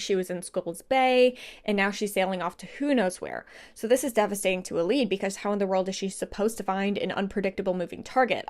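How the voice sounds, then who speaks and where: A woman in her twenties giving a casual, animated plot recap as a book vlogger, laughing to herself at times. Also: medium pitch. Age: 20s.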